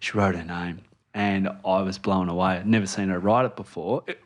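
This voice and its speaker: A relaxed man with a fairly low voice, co-hosting a casual podcast. He tells a story about his child and goes quiet and hushed when he acts out sleepy moments. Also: fairly quick. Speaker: podcast co-host. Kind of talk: casual chat.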